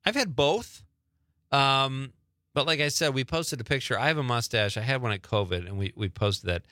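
A man's voice: mid-range voice, bright, forceful tone, dry recording. Chatty man hosting a studio radio show. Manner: chatty, upbeat, quick follow-up questions. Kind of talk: casual talk radio chat.

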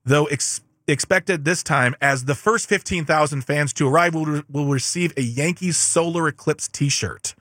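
A man's voice: a little high, measured pace, hardly any pauses, a bit bright, dry recording, clean studio sound. A man co-hosting a podcast, reading news headlines aloud in casual chat and breaking off for joking asides and stumbles. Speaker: podcast co-host.

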